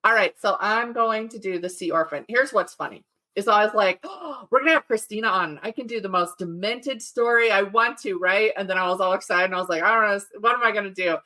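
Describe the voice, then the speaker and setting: A woman's voice: medium pitch, fairly quick, hardly any pauses, bright, forceful tone. A woman hosting a true-crime podcast, chatting and telling a case with laughing asides. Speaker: podcast host. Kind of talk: casual chat and true-crime storytelling.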